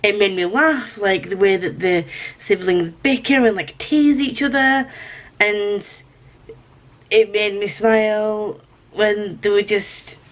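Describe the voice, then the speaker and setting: A woman's voice: mid-range voice, takes it slowly. A woman vlogging about a book she is reading, gushing and emotional, repeating herself and sometimes dropping to a whisper. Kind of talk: casual reading vlog.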